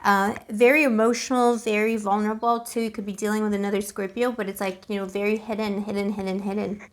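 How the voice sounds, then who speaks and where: A woman's voice: medium pitch, level tone, fast. A woman giving a casual, chatty tarot reading to camera. She is emotional and keeps calling the listener boo. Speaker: tarot reader.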